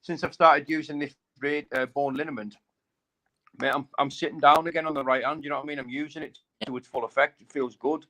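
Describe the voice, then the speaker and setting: A man's voice: a little high, fairly even intonation, fairly quick, pushed and bright. A man, a bare-knuckle fighter, chatting casually and rambling, repeating himself and saying mate a lot. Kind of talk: casual live chat.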